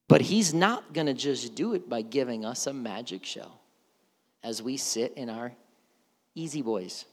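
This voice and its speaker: A man preaching a sermon as pastor, animated and joking, acting out quoted voices. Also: medium pitch, unhurried, big-room sound.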